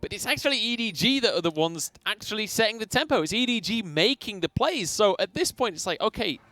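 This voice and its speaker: A man's voice: high-pitched, lively intonation, brisk, bright, forceful tone, dry recording. A man casting a professional esports match, trading jokey banter with his co-caster between calls. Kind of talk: play-by-play and colour commentary.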